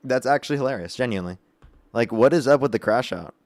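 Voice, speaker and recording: A man's voice: mid-range voice, expressive, quick pace, darkish tone, no room sound. A man hosting a livestream, chatting casually and thanking viewers for donations. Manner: amused, reading out donations. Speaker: livestream host.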